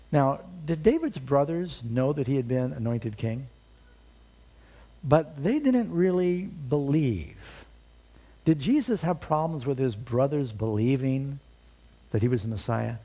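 A man's voice: medium pitch, lively intonation, a little slow, warm tone. A male preacher giving a sermon, retelling a story with dramatic storytelling and rhetorical questions.

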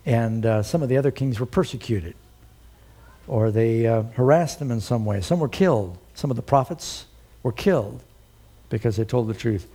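A man's voice: moderate pace, dark tone, husky. A man preaching a sermon, chatting with the congregation between dramatic readings of scripture. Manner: dramatic, reads scripture aloud with big swings in pitch; conversational asides to the congregation. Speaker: pastor.

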